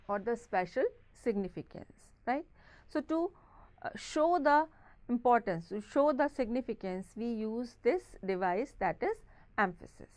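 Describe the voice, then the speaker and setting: A woman with an Indian English accent delivers a recorded classroom lecture in a fairly high voice. She explains patiently, often pausing on "okay" and "uh". The sound is close and dry, with almost no room echo. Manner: explanatory, frequent "okay" and "uh" fillers.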